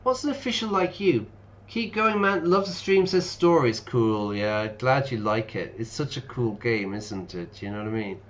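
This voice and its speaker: A man's voice: mid-range voice, lively intonation, moderate pace, a bit bright, muffled recording. A man, an English teacher, chatting casually and explaining words while streaming a game. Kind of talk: casual let's-play commentary.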